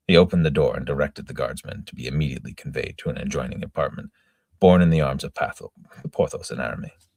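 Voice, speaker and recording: A middle-aged man reading a classic novel aloud in a plain, steady manner, with occasional stumbles. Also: extremely low pitch, fast talker, gravelly, slightly rough, no room sound, studio quality. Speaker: reader.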